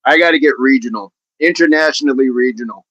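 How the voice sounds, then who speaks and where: A man's voice: mid-range voice, fast talker, fairly bright tone, slightly rough, no room sound. Middle-aged man, livestream host, casual chat, playful, laughs often, muffled lo-fi audio.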